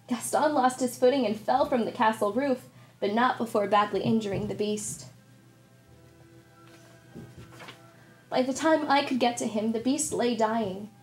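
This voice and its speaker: A woman's voice: fairly high pitch, darkish tone, close to an everyday voice. A young woman playing a kind storybook princess, telling a story and teaching children in a sweet, cheerful, teacherly way. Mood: storytelling. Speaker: party character performer.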